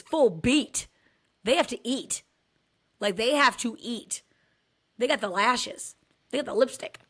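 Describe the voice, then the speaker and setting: A woman, a dance mom, telling comic stories about her life in a candid, wry, self-mocking way that swears freely. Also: medium pitch. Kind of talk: comedic personal storytelling.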